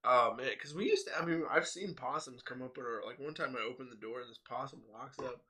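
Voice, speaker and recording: A young man co-hosts a loose, casual podcast chat. He tells stories with animated energy, laughs often and swears freely. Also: medium pitch, fast. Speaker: podcast co-host.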